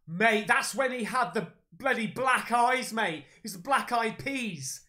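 A man hosting an excited unboxing chat, excitable, with loud exclamations, calling everyone mate. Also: very high-pitched, takes it slowly. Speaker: paranormal YouTuber.

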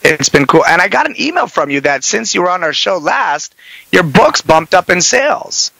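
An energetic male talk-radio host welcomes and questions his guest. His voice is bright and forceful and pitched a little high. The studio sound is dry and close. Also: moderate pace, gravelly, no room sound, rough recording. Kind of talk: radio talk show hosting.

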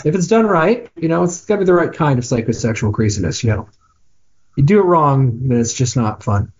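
A man's voice: medium pitch, expressive, fairly quick, darkish tone, lo-fi sound. A man co-hosting a casual movie review podcast, talking with many restarts and fillers. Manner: chatty, hesitant, many restarts and ums. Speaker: podcast co-host.

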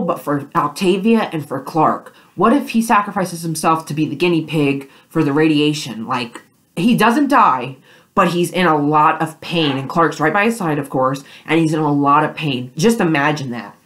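Low-voiced young woman gushing about a show. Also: lively intonation, moderate pace, a bit bright. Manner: gushing, rambling, lots of fillers. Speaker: vlogger. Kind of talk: excited fan reaction vlog.

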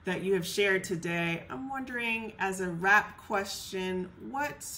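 Bright, affirming woman podcast host. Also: mid-range voice, unhurried, slight background noise. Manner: warm, encouraging, affirming. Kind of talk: interview hosting.

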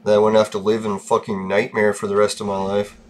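A man's voice: on the low side, little pitch movement, fast talker. Frustrated man ranting on his channel. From Canada. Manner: frustrated, swearing, venting. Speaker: gaming channel host. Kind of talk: casual vlog rant.

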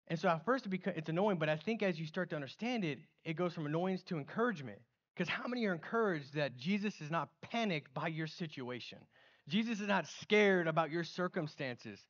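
A middle-aged man preaching a sermon in a church, casual and animated, with slang and acted-out asides. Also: on the high side, fairly quick, lo-fi sound. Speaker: pastor.

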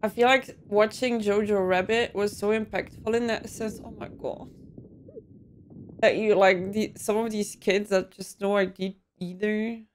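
A woman's voice: mid-range voice, fairly even intonation, unhurried, a little hiss or hum. A young woman giving a first-time movie reaction, emotional and given to gasps and exclamations.

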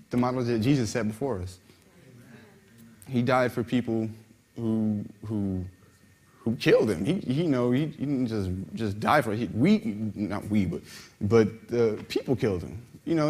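A young man speaking as a minister, giving an informal sermon in a conversational, halting way with many restarts. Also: medium pitch, a little mellow.

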